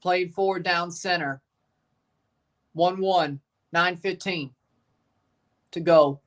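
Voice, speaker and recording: A woman hosting a live hockey watchalong, giving relaxed play-by-play, answering chat questions and erupting into shouts on goals. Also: on the low side, takes it slowly. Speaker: livestream host.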